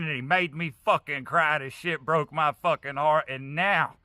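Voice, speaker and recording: Furious, bright-voiced man ranting. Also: on the high side, normal speed, few pauses, no echo, clean studio sound. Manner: heavy profanity, angry and preachy. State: angry. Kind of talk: impassioned vlog rant.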